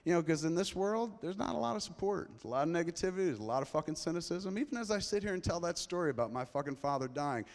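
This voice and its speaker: A middle-aged man telling a personal story live on stage, profane and rambling, his voice dropping to a hush and then rising loud. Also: a little high, lively intonation, fast talker, hardly any pauses. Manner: profane, rambling, swings between hushed and loud. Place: large theater before a live audience. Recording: long reverb of a large hall.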